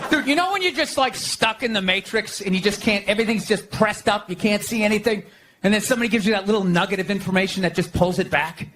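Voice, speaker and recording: A man's voice: high voice, quick pace, noisy background. A man in his fifties with an American accent, telling comic stories in a podcast chat and laughing as he talks. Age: 50s. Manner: animated, laughing while telling stories, mocking voices. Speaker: comedian. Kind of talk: podcast banter and stand-up talk.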